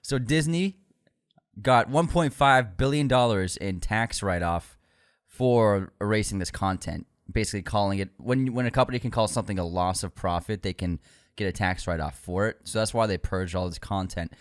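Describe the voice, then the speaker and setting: A man's voice: fairly low pitch, moderate pace, clean tone, dry recording, studio quality. A man co-hosting a podcast, chatting casually about movie news and reading out items. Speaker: podcast co-host.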